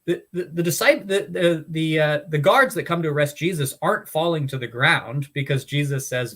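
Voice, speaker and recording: A man talks through scripture in a relaxed teaching chat. He is earnest and explanatory, and he often restarts his sentences and uses fillers as he thinks aloud. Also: on the high side, brisk, hardly any pauses. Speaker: Bible study podcast host.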